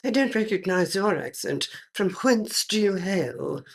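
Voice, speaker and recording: A woman's voice: mid-range voice, lively intonation, measured pace, gravelly. A woman playing the spirit of an elderly English actress, speaking with an English accent in a dry, clipped, tartly unimpressed way. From England. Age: older.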